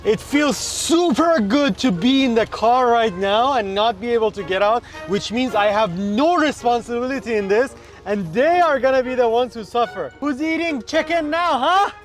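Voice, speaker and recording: A man's voice: very high voice, moderate pace, faint music behind. A young man talking casually to his camera from inside a car, chatty and mock-complaining about his challenge. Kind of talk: casual vlog narration. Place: inside a parked car in a city.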